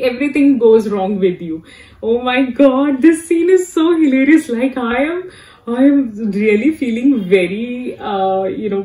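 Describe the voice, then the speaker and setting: An Indian woman with an Indian English accent talks through a clip in a casual, halting way, full of fillers and restarts. Her voice sits a little high. She is heard from some distance in an echoey room. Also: dark tone. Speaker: reaction video host. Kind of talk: casual reaction commentary. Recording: echoey room, away from the mic.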